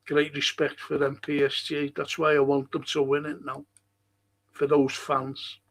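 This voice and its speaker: Slow gravelly older man. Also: on the high side, completely flat delivery, fairly bright tone. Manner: rambling, chatty, drawn-out. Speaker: podcast host. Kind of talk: casual chat reading listener messages.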